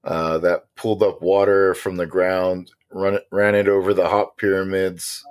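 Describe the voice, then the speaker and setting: A man's voice: sits low, little pitch movement, moderate pace, darkish tone, clear, resonant tone, no room sound. A man co-hosting a casual conspiracy podcast, rambling with many ums and restarts. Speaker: podcast co-host.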